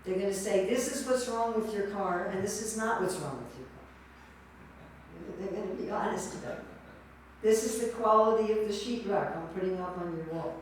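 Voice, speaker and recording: A woman's voice: mid-range voice, moderate pace, a little hiss or hum. A woman teaching a class, quizzing her listeners and sorting their answers into right and wrong. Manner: quizzing the audience, repeating and judging their answers. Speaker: lecturer. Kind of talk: interactive class lecture. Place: lecture hall. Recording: echoey hall from far off.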